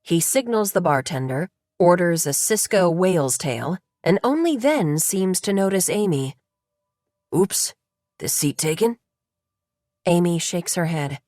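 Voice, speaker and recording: A woman narrating a novel as an audiobook, telling the story in a steady, even manner. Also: lowish voice, normal speed, hardly any pauses, dry recording, studio quality. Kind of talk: scripted narration.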